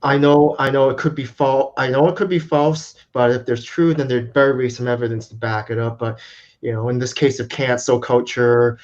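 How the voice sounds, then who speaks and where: A man co-hosting a casual chat, explaining his view in a measured way. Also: medium pitch, steady tone. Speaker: co-host. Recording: dull lo-fi mic.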